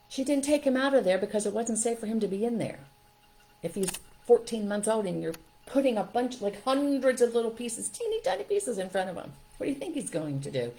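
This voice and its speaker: A woman's voice: a little high, a little fast. An older woman hosting a parenting show, telling stories to her listeners in a casual, emphatic way. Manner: storytelling, emphatic, expressive.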